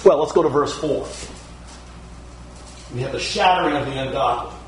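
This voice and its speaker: A man's voice: fairly high pitch, normal speed, a little hiss or hum, poor audio. A middle-aged man preaching a sermon, emphatic and building through repeated phrases.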